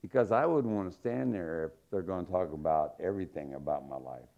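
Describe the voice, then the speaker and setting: A middle-aged man preaching a sermon, telling stories and acting out quotes with lively swings. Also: a little fast, creaky. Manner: animated storytelling with acted-out quotes and big pitch swings. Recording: dull lo-fi sound.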